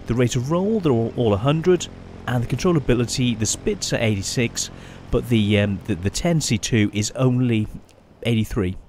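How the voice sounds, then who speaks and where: A man's voice: medium pitch, darkish tone, a little hiss or hum. Chatty man commenting on gameplay. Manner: chatty, halting, many restarts and fillers. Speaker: gaming channel host.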